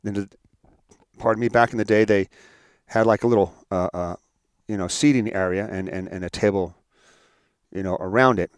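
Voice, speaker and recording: A man telling a painful personal story in a motivational talk, halting and repeating words as he speaks heartfelt. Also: lowish voice, no echo, studio quality.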